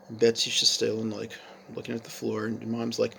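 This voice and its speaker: A man's voice: on the low side, completely flat delivery, normal speed, gravelly, fairly bright tone, slight background noise. A man telling a family story casually, with many fillers and restarts.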